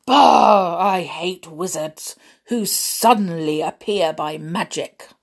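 A woman reading aloud, voicing a grumpy, complaining grown man who grumbles in gruff outbursts. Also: low voice, slow pace.

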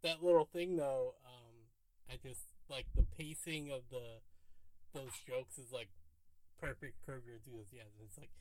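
A man's voice: mid-range voice, steady tone, unhurried, a little mellow, rough recording. A man co-hosting a podcast, chatting casually about a TV episode in a laid-back way, full of "like". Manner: laid-back, heavy on 'like'. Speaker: podcast co-host. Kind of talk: casual TV recap chat.

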